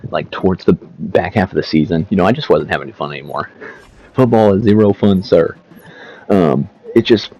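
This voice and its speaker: A man's voice: low voice, darkish tone. A man giving casual, rambling commentary over his gameplay, talking in loose slang and swearing freely. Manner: rambling, profane, laid-back slang. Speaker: gaming video creator. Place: seated at home setup. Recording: slightly dull lo-fi mic.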